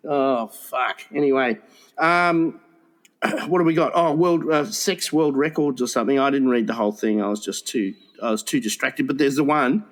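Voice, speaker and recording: A man co-hosting a crude comedy podcast, rambling and giggling, often jumping into high mocking voices. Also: normal speed, a bit bright. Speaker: podcast co-host.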